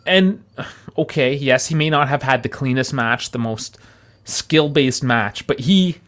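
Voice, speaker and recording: A man's voice: medium pitch, measured pace, a bit bright. A young man co-hosting a football podcast, telling rambling anecdotes and laughing often. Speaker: podcast co-host. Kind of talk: casual football chat.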